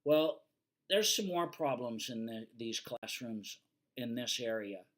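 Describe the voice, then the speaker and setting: A man's voice: mid-range voice, animated, slow, a bit bright. Older man giving a plainspoken lecture. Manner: plainspoken, teasing, repeats warnings firmly. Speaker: fire safety instructor. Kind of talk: lecture over slides.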